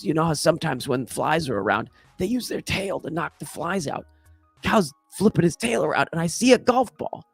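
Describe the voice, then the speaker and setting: A man's voice: a little high, creaky, slightly rough, no room sound, pitched above the performer's own voice, full character voice. A man voicing a male golfer who rambles through a long story in a breathless, storytelling way.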